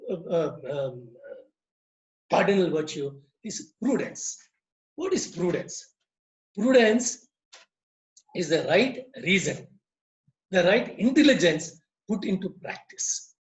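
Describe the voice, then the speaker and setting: A man's voice: high voice, echoey room, low-quality recording. A man giving an earnest moral talk full of stories over a video call. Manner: earnest, repetitive storytelling. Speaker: lodge speaker.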